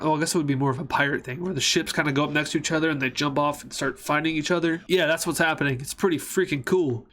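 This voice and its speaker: A man's voice: a little high, fairly bright tone. Jokey young man narrating a map scenario. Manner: jokey, rambling, self-mocking asides. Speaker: YouTube mapping channel host. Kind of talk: casual narration over a map.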